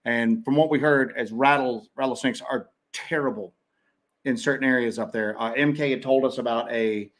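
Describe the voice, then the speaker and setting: A man co-hosting a paranormal live stream, telling a story in an animated way with pitch that jumps when he gets excited. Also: normal speed. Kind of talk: casual live-stream chat.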